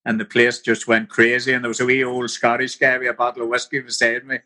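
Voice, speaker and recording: Bright-voiced older Northern Irish man. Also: mid-range voice, completely flat delivery, fast talker. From Northern Ireland. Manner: rambling, full of "you know". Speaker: interview guest. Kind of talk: casual storytelling.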